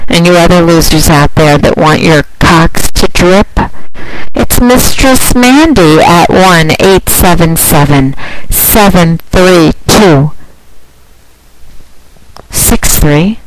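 A woman's voice: deep voice, slow pace, slight background noise. A woman delivering a domineering, taunting promotional monologue as a dominatrix phone line host.

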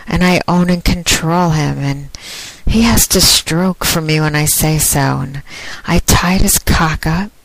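Slow-talking woman with a low voice. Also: gravelly, no room sound, low-quality recording. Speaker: podcast host. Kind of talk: casual spoken monologue.

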